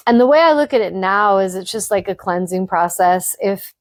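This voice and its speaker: A woman's voice: mid-range voice, expressive, normal speed, no echo. A woman hosting a spiritual podcast, speaking frankly to her listeners in an emphatic, blunt monologue that swears freely.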